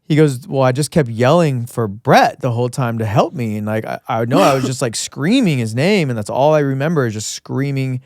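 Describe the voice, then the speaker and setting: A young man spins a story on a podcast in relaxed, casual chat. He jumps into other people's voices as he goes. His voice sits at a middling pitch and sounds dry and close. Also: brisk, hardly any pauses, dry recording. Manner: animated storyteller, acts out others' lines. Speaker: podcast co-host.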